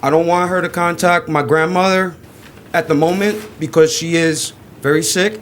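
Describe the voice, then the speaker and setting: A man speaking at a bond hearing in a courtroom, halting and searching for words. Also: fairly high pitch, fairly even intonation, a little hiss or hum. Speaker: family member speaking at a hearing.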